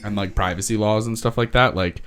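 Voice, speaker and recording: A man's voice: fairly low pitch, steady tone, brisk, a bit bright, a little hiss or hum. A man co-hosting a podcast in casual chat, rambling loosely and swearing offhandedly. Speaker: podcast co-host.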